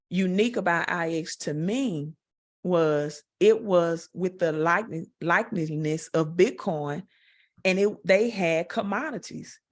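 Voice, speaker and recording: A woman with a Southern US accent answering interview questions in a direct, confident way, talking slowly with many fillers. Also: lowish voice. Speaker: guest, network marketer.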